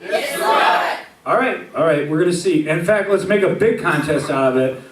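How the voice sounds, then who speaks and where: A man's voice: fairly high pitch, lively intonation, normal speed. A man telling crude comic stories to a live crowd on a handheld mic, chuckling through his own jokes. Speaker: comedic performer. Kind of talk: live comic storytelling to an audience. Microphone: handheld microphone. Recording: echoey, distant, over loud guitar music.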